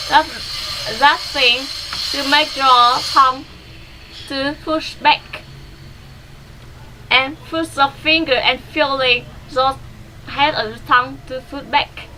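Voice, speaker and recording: Slow, bright-voiced woman teaching vowel drills. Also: sits high, slight background noise, rough recording. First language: not English. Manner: slow and deliberate, drawing out repeated vowel drills. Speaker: English pronunciation teacher. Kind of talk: pronunciation lesson with drills.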